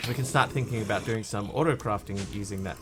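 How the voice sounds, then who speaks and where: A man from New Zealand with a New Zealand accent tinged with Australian, chatting casually while he streams a game and reads chat aloud, in a halting, rambling way. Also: fairly low pitch, music in the background. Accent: New Zealand, with some Australian.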